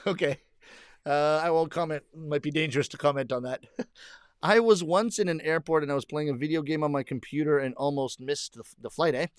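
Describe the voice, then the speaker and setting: A man's voice: fairly high pitch, moderate pace, clear, resonant tone, dry recording, studio quality. A middle-aged man hosting a livestream, casually chatting and reading viewer comments aloud, laughing often.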